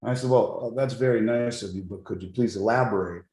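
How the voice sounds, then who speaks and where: A man who deals in precious metals, a guest in an interview, telling a long anecdote in an animated way. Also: on the low side, fast talker, echoey room, noisy background. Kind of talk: storytelling in an interview.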